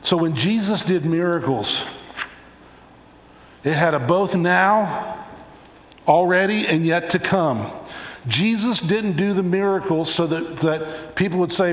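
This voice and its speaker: A man's voice: high-pitched, normal speed. A male pastor preaching a sermon, telling stories and acting out little scenes along the way. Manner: animated storytelling, acting out examples. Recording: echoey hall.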